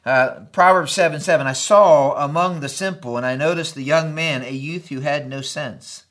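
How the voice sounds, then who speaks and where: Middle-aged male pastor, slightly higher voice, relaxed chatty sermon delivery, tells stories. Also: normal speed. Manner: conversational, storytelling with acted quotes and frequent "right?".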